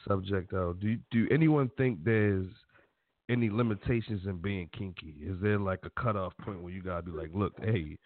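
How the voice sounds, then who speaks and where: A man's voice: low voice, normal speed, no room sound. A man hosting a casual late-night call-in radio show, talking in a loose, joking way. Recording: dry, phone-like lo-fi sound.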